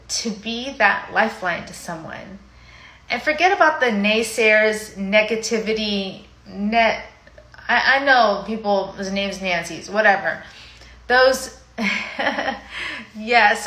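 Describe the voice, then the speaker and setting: A woman's voice: mid-range voice, slow, pushed and bright, reverberant. A woman in her fifties, a fitness coach, talking in a chatty, emotional, rambling way on a casual live video.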